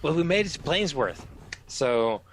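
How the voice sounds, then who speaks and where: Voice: medium pitch, very animated, unhurried. A game master, casually explaining the game's rules and laughing often. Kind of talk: casual tabletop game chat.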